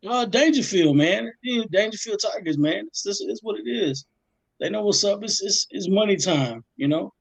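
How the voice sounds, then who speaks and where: A high-voiced man from Texas talks sports on a panel, recorded dry and close. He speaks in an animated, slangy way and jokes with his co-hosts. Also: moderate pace, creaky, husky, dry recording, low-quality recording. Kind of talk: casual sports chat.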